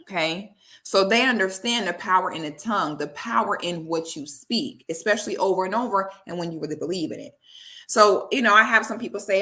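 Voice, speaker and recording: A woman's voice: medium pitch, a little fast, pushed and bright. A woman vlogger who talks emphatically and preachily, checking in with "okay?" as she makes her points. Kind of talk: commentary vlog.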